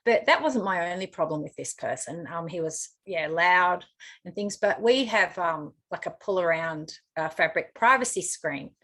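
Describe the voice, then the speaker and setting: A woman's voice: fairly low pitch, normal speed, fairly bright tone. A woman with an Australian accent, telling a personal story as an interview guest in a frank, chatty way, full of fillers.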